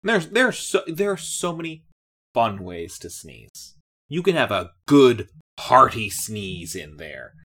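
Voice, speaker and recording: A woman co-hosting a casual podcast chat about a cartoon episode, playful and quick to laugh. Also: very deep voice, very animated, fairly bright tone, breathy edge. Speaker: podcast co-host.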